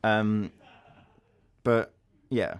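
A man's voice: lowish voice, extremely slow, clean tone, no room sound. A man co-hosting a podcast in a casual, chatty way, with lots of fillers. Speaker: podcast co-host. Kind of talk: casual chat.

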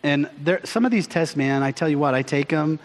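A middle-aged man preaching a sermon as pastor, telling stories with lively acted voices. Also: on the high side, a little fast. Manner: animated storytelling with acted voices. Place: church sanctuary. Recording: long hall reverb.

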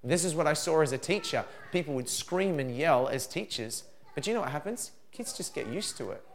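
A middle-aged man giving a lively parenting seminar talk, acting out dialogue as he goes. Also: on the high side, brisk, slight background noise. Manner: animated, acts out dialogue in put-on voices.

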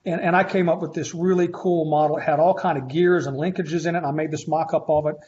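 Animated storytelling man, lo-fi sound. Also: a little high, fast talker. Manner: animated storyteller, frequent restarts. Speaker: faculty instructor being interviewed. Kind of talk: conversational storytelling interview. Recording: slightly muffled lo-fi recording.

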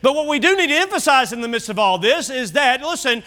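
High, bright-voiced male preacher. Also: big pitch swings, fast talker. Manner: emphatic preaching with repeated phrases. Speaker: pastor. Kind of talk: sermon. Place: church service.

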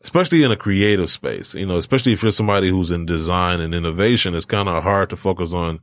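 A man's voice: sits low, fast, no room sound, studio quality. A man hosting a sneaker podcast in laid-back, slangy casual chat. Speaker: podcast host.

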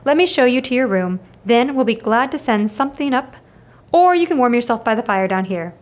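A woman's voice: fairly high pitch, expressive, a little fast, lightly acted. A woman voicing a friendly, easygoing father who runs an inn, chatting hospitably with a guest in a storybook reading.

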